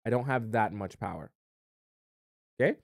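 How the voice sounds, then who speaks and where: A man's voice: on the low side, expressive, normal speed, gravelly, dry recording, studio quality. A man coaching women on dating in a conversational advice monologue, checking in with the listener often. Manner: conversational, keeps checking in with "okay?" and "right?". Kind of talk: direct-to-camera advice monologue.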